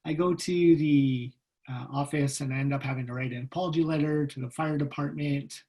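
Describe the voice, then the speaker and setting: A man telling stories from his own life to an audience as a guest speaker, recorded over a video call. He talks in a lively, humorous way and slips into the voices of the people in his stories. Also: a little high, a little fast, rough recording. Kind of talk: personal storytelling talk.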